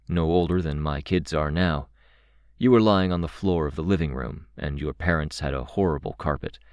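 A man voicing a quiet, wistful middle-aged uncle who speaks in a soft, measured way. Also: deep voice, no room sound, studio quality.

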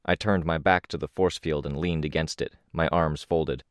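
A man narrating a first-person audiobook in a measured, even storytelling manner. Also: rumbling low, clear, resonant tone, no room sound, clean studio sound.

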